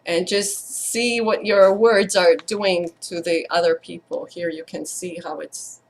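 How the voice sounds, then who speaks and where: A woman's voice: lowish voice, fairly even intonation, unhurried, a little hiss or hum, rough recording. A woman in her thirties telling a personal story in an earnest, reflective way. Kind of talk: personal storytelling in an online circle.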